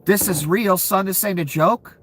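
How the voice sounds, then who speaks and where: A man's voice: sits high, moderate pace, a bit bright, a little hiss or hum. A man giving ranting commentary, profane and incredulous, laughing between outbursts. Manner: profane, incredulous, calls the listener "son".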